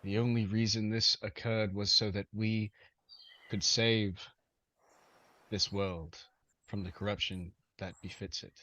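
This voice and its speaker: A man playing his character at a tabletop game, objecting at a wedding in a slow, halting, solemn delivery. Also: lowish voice, little pitch movement, pushed and bright, dull audio. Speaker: player.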